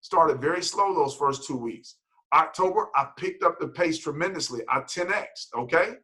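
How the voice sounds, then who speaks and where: Man leading a team call, raised pitch, bright forceful voice, energetic and preachy. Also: normal speed, rough recording. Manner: energetic, preachy, repeats himself. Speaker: team leader.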